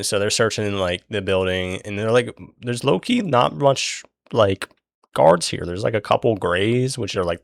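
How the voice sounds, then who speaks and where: A man's voice: lowish voice, no echo, studio quality. A young man recapping a book in a casual, rambling way, swearing often and filling his talk with "like" and "um". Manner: rambling, profane, many fillers.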